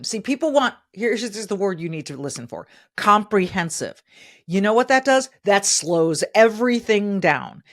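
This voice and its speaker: A middle-aged woman hosting a podcast, delivering emphatic opinion commentary and repeating phrases for stress. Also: medium pitch. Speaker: podcast host.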